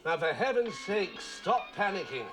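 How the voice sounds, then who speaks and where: A man's voice: high-pitched, lively intonation, moderate pace, over loud music. An actor playing a weary husband who keeps trying to soothe his hysterical wife, in a film drama. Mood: placating. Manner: soothing, pleading. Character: weary, placating, henpecked husband.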